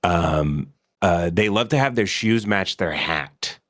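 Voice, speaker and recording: A man's voice: low voice, expressive, slow pace, fairly bright tone, no room sound, studio quality. A man talking in a rambling, profane way with lots of fillers, his nose stuffed up, as a guest in a casual podcast chat. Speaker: comedian guest.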